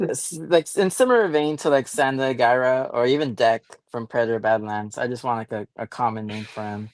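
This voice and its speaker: A man's voice: mid-range voice, normal speed, dry recording. Easygoing man chatting on a podcast. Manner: easygoing, hesitant with fillers. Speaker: podcast guest. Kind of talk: casual chat.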